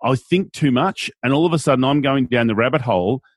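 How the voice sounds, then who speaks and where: Australian male MC guest, husky mid voice, dry close sound, animated. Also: medium pitch, a little fast, dry recording. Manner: animated, playful, acts out quotes in silly voices. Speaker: guest, event MC. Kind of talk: conversational interview.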